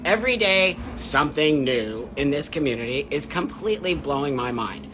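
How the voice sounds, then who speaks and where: A man's voice: on the high side, lively intonation, moderate pace, background noise. A middle-aged man hosting a livestream, ranting in a heated, profane, confrontational way. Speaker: livestream host. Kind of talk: angry livestream rant.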